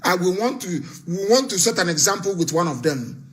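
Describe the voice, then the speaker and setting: A man hosting a live call-in broadcast, speaking in forceful, repetitive oratory. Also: sits high, very animated, brisk. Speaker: host.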